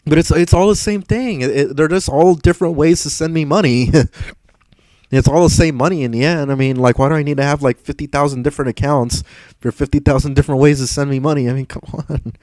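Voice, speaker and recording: A young man talks casually on a livestream, rambling and exasperated as he reads comments. His voice is mellow and dark in tone, recorded close and dry with no room sound. He swears freely and laughs between thoughts. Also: fairly high pitch, steady tone, quick pace, dry recording, poor audio. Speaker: livestream host reading chat.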